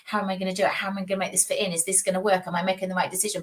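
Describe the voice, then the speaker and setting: A woman, a psychic, chatting and doing readings on a casual live stream, with rambling, animated talk and frequent laughs. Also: mid-range voice, very fast, far from the mic. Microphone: video call.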